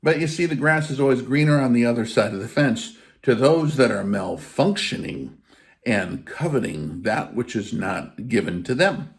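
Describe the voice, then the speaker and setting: A man's voice: mid-range voice, expressive, moderate pace. A man giving an informal spiritual teaching in a blunt, emphatic way, with casual swearing. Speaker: faith teacher.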